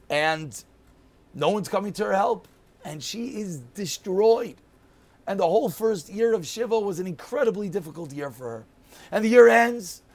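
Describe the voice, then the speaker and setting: High-voiced rabbi telling a moving story. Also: male voice. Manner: animated storyteller acting out quoted lines. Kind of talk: storytelling Torah class.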